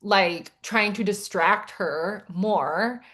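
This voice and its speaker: Animated woman telling a story. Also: mid-range voice, drawn-out words. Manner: animated storytelling with frequent "like" and quoted dialogue. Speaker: podcast co-host and romance author. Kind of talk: casual chat.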